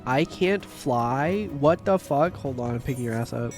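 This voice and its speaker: A man in his thirties chatting casually on a game livestream, rambling and swearing, with sudden loud outbursts. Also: medium pitch, animated, over music. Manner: profane, rambling, quick bursts of shouting. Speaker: streamer. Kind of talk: casual livestream chat while gaming.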